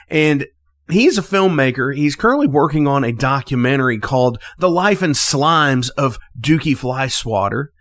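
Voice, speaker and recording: A man's voice: medium pitch, no room sound. Laid-back male podcast host, dry sound. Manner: relaxed, swears casually, repeats words. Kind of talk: casual interview chat. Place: Kentucky–Indiana region.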